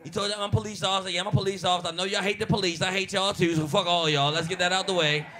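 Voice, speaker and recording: Brash high-voiced stand-up comedian with Baltimore accent. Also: male voice, level tone, racing. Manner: loud, brash, profane crowd work. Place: diner comedy show with live audience. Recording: noisy crowd in a diner. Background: audience laughter.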